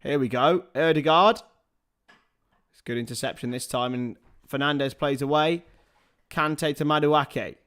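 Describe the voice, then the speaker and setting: A fairly high-voiced man streaming a live football watchalong. He runs commentary on the play and chats loosely with his chat, now and then shouting out a goal. Casual, a bit sweary, forever calling everyone lads. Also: unhurried. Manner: casual and chatty, swears, addresses viewers as lads; bursts into loud excited goal calls.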